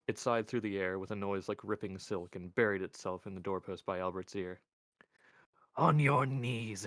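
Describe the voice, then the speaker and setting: A man reading a novel aloud in a measured, even storytelling voice on a close microphone. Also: low voice, no echo. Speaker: reader. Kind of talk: audiobook narration.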